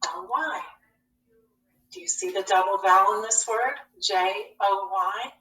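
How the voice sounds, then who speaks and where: Slow, bright-voiced phonics teacher in an echoey room. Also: female voice, medium pitch, distant mic, slight background noise. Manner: speaks slowly, spelling letters aloud one at a time. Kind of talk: slow, deliberate phonics lesson. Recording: echoey room, voice a bit off-mic.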